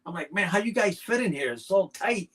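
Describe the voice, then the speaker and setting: High-pitched, animated, and fairly quick, this snake breeder's voice is a bit bright yet husky. Guesting on a podcast, he chats casually and rambles through anecdotes packed with "you know."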